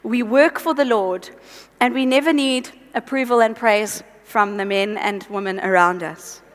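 A high-pitched woman preaches in an earnest, exhorting way, breaking into chatty asides. Her tiring voice rings out with a long echo, as if in a large church hall. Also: unhurried. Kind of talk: conversational sermon.

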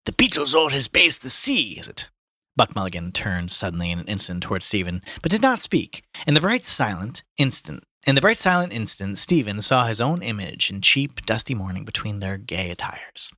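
Lively guy reading a book aloud and cracking jokes, voice jumps all over, bright and dry. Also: fairly low pitch, fairly quick, few pauses, no room sound. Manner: animated, jokey asides. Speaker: host and reader. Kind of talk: reading a novel aloud with banter.

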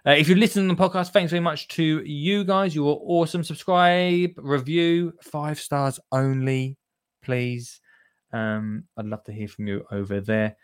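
A man's voice: a little high, fairly even intonation, moderate pace, smooth, no room sound, clean studio sound. A man hosting a gardening show, chatting casually and jokily with listeners. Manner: chatty and jokey, with asides to listeners. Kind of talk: casual radio-style show chat.

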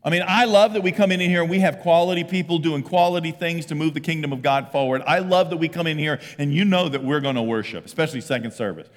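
A middle-aged man preaching a lively sermon as pastor, often breaking into loud acted voices. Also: on the high side, fast, few pauses, big-room sound. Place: church sanctuary.

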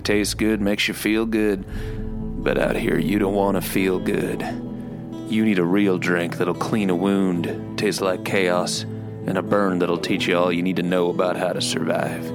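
A very low-pitched man reads a mock liquor commercial in a folksy, grim drawl. Music plays clearly behind him throughout. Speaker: ad announcer.

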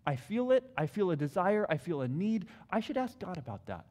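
A man preaching a sermon in a hall, animated, acting out prayers in different voices. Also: high voice, a little fast, hardly any pauses. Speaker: pastor. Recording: long hall reverb.

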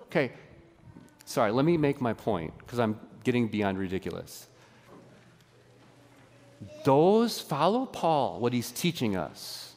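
A man preaching a sermon as pastor, lively and conversational, drawing the congregation into a call-and-response exercise. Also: a little high, unhurried, pauses often, big-room sound. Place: church sanctuary.

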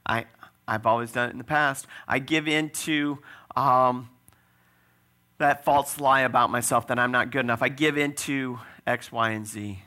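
A pastor preaches a sermon conversationally, often checking in with the congregation through frequent "right?" asides. His voice is a little high, bright and forceful.

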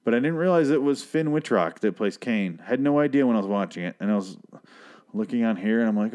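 A man's voice: lowish voice, fast talker, a little mellow. A man casually recapping a TV episode, rambling, sarcastic and full of swearing.

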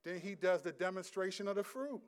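Male pastor, fairly high pitch, lively slangy sermon with frequent laughter. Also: fairly quick. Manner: animated storytelling, laughs often, slangy.

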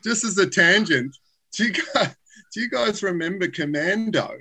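A man's voice: high-pitched, lively intonation, normal speed, sharp tone, breathy edge. A man, a guest on a podcast, talking casually and reflectively over a video call. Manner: reflective, philosophical. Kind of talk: casual conversation.

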